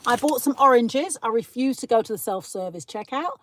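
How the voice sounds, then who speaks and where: A woman's voice: on the high side, expressive, moderate pace, few pauses. Chatty British woman ranting live. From Britain. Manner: chatty, ranting, reads out viewer comments. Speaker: livestream host. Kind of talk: casual live-stream chat.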